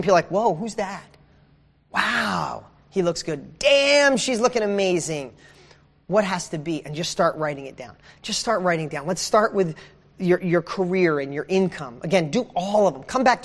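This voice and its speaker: A man leading a motivational session for a members' group, fired up and preachy, throwing out rapid questions and swearing casually. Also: high voice, lively intonation, long reverb tail. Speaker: success coach hosting a members' group. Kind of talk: energetic motivational livestream.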